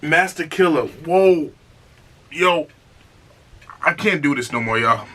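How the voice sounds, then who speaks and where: A man hosting a music reaction video, talking casually and excitedly, often repeating himself and breaking into exclamations. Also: fairly high pitch, slow.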